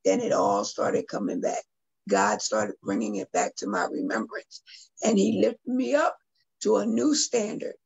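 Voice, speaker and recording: A woman's voice: medium pitch, huge pitch swings, unhurried, gravelly, a little mellow, husky, muffled recording. A middle-aged woman, a guest artist and poet, earnestly telling a personal story on a video call and speaking directly to her listeners.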